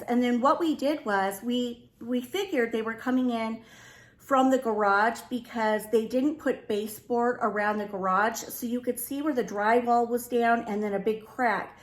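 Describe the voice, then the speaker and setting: A middle-aged woman vlogging from home, telling a story in a lively casual way and acting out the dialogue. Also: fairly high pitch. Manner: animated, acts out both sides of the story. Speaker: lifestyle vlogger. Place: home room. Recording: echoey room.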